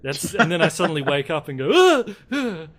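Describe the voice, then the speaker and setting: A man's voice: on the high side, fairly even intonation, fast talker, bright, forceful tone. A man co-hosting a movie podcast, telling stories in a dramatic, self-mocking way. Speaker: podcast co-host. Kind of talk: casual movie review chat.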